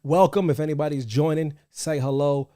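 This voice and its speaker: Hyped high-voiced wrestling stream host. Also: male voice, fairly even intonation, normal speed. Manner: hyped, repetitive, bursts into shouting and chanting. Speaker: host of a wrestling reaction show. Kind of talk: live-stream commentary.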